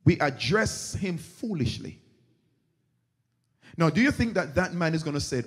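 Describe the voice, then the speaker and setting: A man's voice: a little high, measured pace, pauses often, husky. A man preaching a sermon as pastor, telling stories and acting out their characters. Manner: animated storytelling, acting out characters. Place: church sanctuary. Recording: long church reverb.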